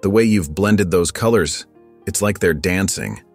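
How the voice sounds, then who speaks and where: A man's voice: deep voice, unhurried, faint music behind, pitched above the performer's own voice. A man voicing a determined, hardworking teenage boy who speaks earnestly and reassuringly in a storybook narration.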